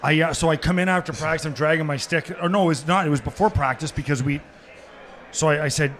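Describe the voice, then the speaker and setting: A man, a podcast guest and former hockey player, telling stories in a casual, profane and animated way during a live taping in a sports bar. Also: a little high, fast talker. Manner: profane, animated, quotes people mid-story. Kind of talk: casual storytelling.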